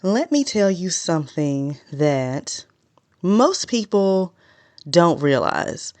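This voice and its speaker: A woman hosting a solo podcast, talking straight to her listeners in a direct, no-nonsense way and consciously slowing a naturally fast delivery. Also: fairly low pitch, sing-song, darkish tone, dry recording, soft background music. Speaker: podcast host.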